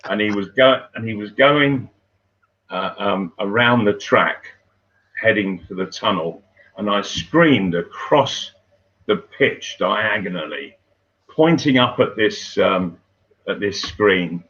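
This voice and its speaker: An older man recalls his playing days in a slow, low voice. He halts often, restarting phrases and filling gaps with ums and uhs. The sound is dull and lo-fi. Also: lively intonation, sharp tone. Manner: unhurried, halting with many fillers and restarts. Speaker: former footballer telling stories. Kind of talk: casual storytelling chat.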